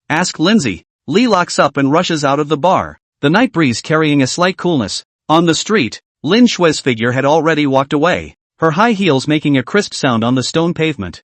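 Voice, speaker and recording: A man's voice: a little high, normal speed, few pauses, no room sound. A man narrating a comic recap story in a scripted reading style. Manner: animated storytelling, reads every figure himself.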